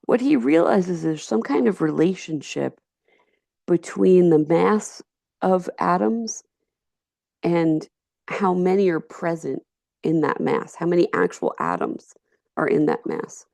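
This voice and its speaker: Gravelly low-voiced teacher with a Yonkers accent. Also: female voice, animated, takes it slowly, darkish tone, dry recording. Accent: Yonkers, New York. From Yonkers, New York. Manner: chatty, digressive, with frequent restarts. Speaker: high school chemistry teacher. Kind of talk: recorded slideshow lecture.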